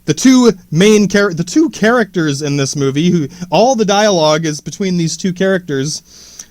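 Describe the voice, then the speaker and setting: A man with a high voice ranting on a podcast. He swears freely and rambles, restarting sentences as he goes. The sound is dry and close. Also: lively intonation, normal speed, darkish tone, dry recording. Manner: profane, rambling, many restarts. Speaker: podcast host.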